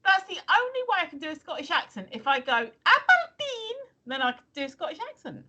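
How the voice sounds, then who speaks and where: A woman's voice: high-pitched, sing-song, rapid-fire, pushed and bright. A woman in her fifties or sixties co-hosting a casual livestream, teasing and laughing as she chats. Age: 50s or 60s. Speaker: stream co-host.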